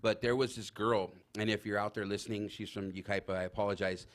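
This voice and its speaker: A man telling rambling, animated anecdotes in casual chat as a talk show guest, full of fillers. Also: lowish voice, fast talker. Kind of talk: casual storytelling.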